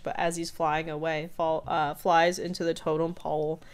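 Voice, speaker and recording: A woman co-hosting a podcast, recapping a cartoon episode in a casual chat with lively retelling and frequent giggles. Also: low-pitched, clean tone. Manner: animated retelling, quick voice switches for quotes, frequent giggles. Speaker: podcast co-host.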